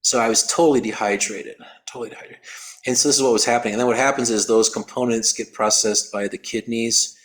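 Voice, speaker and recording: A man's voice: mid-range voice, fairly even intonation, quick pace. Technical-minded man telling a race story. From United States. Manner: repeats words on restarts, acts out quoted voices; explains in a calculated, technical way. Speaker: endurance athlete guest. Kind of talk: storytelling interview.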